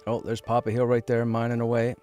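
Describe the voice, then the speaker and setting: A man's voice: mid-range voice, monotone, brisk, darkish tone, clear, resonant tone, soft background music. A man streaming a game, chatting casually in a rambling, self-mocking way with a sore throat. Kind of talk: casual livestream chat.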